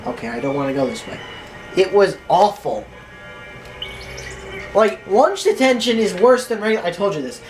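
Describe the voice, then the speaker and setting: A gameplay commentator telling a rambling, animated story while playing, acting out quotes in a raised voice. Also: medium pitch. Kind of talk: casual storytelling over gameplay.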